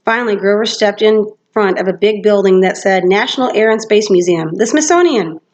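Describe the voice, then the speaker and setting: A woman's voice: mid-range voice, brisk. A woman teacher reading a novel aloud to her class, steadily and with occasional self-corrections. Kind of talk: storybook read-aloud narration.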